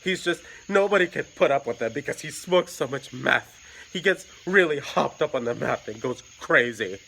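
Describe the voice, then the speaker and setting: A man voicing a frantic, beaten-up man in his fifties who pleads and stammers in a high, strained voice. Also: animated, moderate pace, gravelly, pushed and bright, slight background noise, low-quality recording. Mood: desperate. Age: 50s.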